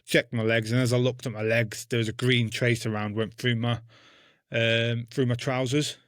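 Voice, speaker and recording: Blunt, swearing ex-soldier. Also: male voice, medium pitch, flat delivery, normal speed, a bit bright, no echo, studio quality. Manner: blunt, heavy swearing, acts out his own past words. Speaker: guest, army veteran. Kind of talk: casual storytelling.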